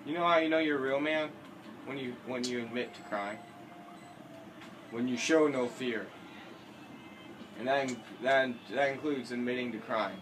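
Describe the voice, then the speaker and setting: A man's voice: medium pitch, normal speed, pauses often. A teenage boy giving casual, rambling commentary over a building game, often correcting himself and joking. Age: teens. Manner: rambling, self-correcting, jokey. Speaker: gameplay commentator. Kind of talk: casual let's-play commentary. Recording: noisy home recording.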